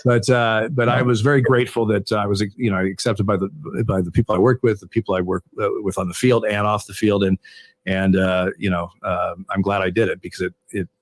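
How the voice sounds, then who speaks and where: Older male guest, retired umpire, halting storyteller, low voice, dry close sound. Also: steady tone, dry recording. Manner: halting, repeats words, chuckles often. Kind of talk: conversational interview storytelling.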